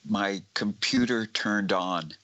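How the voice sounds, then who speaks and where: A man guesting on a live stream, telling a spooky personal story in a halting way, with many restarts. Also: on the low side, pushed and bright, rough recording.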